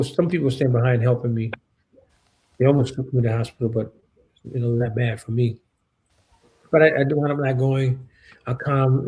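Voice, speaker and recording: A man, a guest in an interview, telling a painful personal story in a halting, shaken way with many restarts. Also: medium pitch, gravelly, mellow, slightly rough, rough recording. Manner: shaken and subdued.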